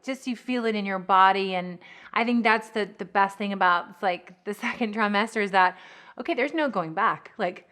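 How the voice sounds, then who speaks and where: A pregnant woman vlogging to camera in a chatty, fast, filler-heavy way, a little out of breath. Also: medium pitch, fairly bright tone. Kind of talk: casual chat to camera.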